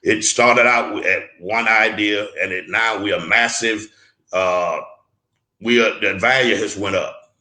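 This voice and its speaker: Low, bright-voiced man in an echoey room. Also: steady tone, a little slow. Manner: earnest, emphatic, with restarts and repeats. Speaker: guest mentor.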